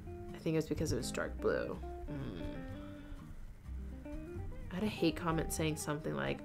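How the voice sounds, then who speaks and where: Female streamer, chatty and giggly, lowish pitch with gravelly fry, reads chat aloud over faint guitar. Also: big pitch swings, measured pace, long pauses, a bit bright. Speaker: knitting livestream host. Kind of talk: casual chat, reading viewer comments aloud.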